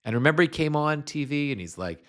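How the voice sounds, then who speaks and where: A man's voice: on the high side, animated, quick pace, fairly bright tone. A man from the United States hosting a political commentary livestream, rambling and blunt, with lots of swearing. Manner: rambling, blunt and heavily profane. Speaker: host.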